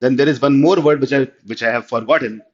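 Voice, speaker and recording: A man with an Indian English accent teaching an online class, explaining step by step and often asking whether it is clear. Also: mid-range voice, fast talker, a little mellow. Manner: explanatory, checks understanding with repeated "clear?", mixes in Hindi. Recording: slightly dull lo-fi audio.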